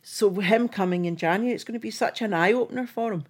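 A Scottish woman in her forties, a guest in a casual chat, telling warm stories and laughing at them. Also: medium pitch, fast. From Scotland.

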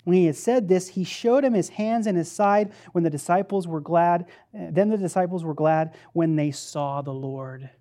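A woman preacher giving a sermon in a conversational, playful, animated storytelling manner. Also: lowish voice, normal speed, few pauses.

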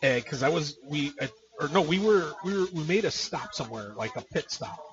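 A man's voice: on the high side, a little fast. A man hosting a podcast, recalling a trip in casual chat. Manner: lively, chiming in with short reactions. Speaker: podcast host. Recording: dull lo-fi audio with crowd noise.

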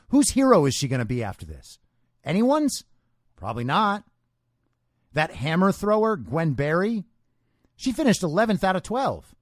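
A man's voice: fairly high pitch, no echo, clean studio sound. A man hosting a podcast, giving an opinionated political commentary monologue. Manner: opinionated, emphatic. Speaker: podcast host.

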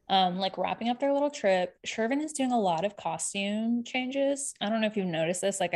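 A woman co-hosting a podcast, chatting casually and recapping a reality show with quick asides and laughter. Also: mid-range voice, darkish tone. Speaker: podcast co-host.

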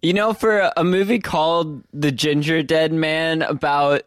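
A man co-hosting a casual comedy podcast, joking in a dry, deadpan way. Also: fairly high pitch, measured pace, clean tone, dry recording. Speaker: podcast co-host.

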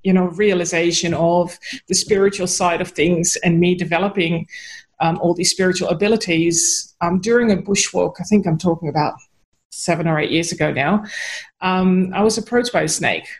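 A woman's voice: fairly low pitch, moderate pace, low-quality recording. Earnest woman telling a story. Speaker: guest, spiritual activist. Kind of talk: storytelling in a podcast interview.

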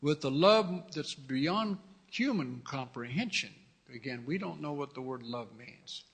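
A man's voice: fairly high pitch, expressive, measured pace, fairly bright tone, husky. A middle-aged man preaching a fervent sermon as pastor, repeating his phrases and calling out hallelujahs. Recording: long reverb of a large hall.

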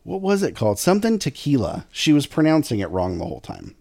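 A man's voice: medium pitch, wildly swooping pitch, fast, creaky, a little mellow, dry recording. A man co-hosting a podcast, chatting casually and rambling with fillers. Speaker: podcast co-host. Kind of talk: casual chat.

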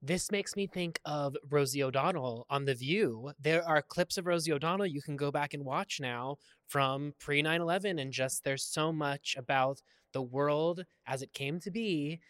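A man's voice: on the high side, normal speed, few pauses, a bit bright, no echo. A man hosting an interview, chatty and eager, talking fluently. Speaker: podcast host. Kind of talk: casual interview chat.

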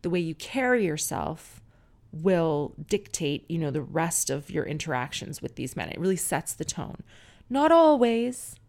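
Speaking at a normal speed in a deep, darkish voice, a middle-aged woman runs a casual solo podcast. Her storytelling is blunt and talkative, sprinkled with offhand cursing.

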